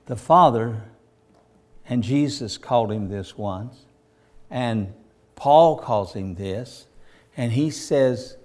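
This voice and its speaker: A man's voice: medium pitch, slow pace, long pauses, a little mellow. A man preaching a sermon, telling stories in a folksy way and rising to fervent emphasis. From Virginia, USA.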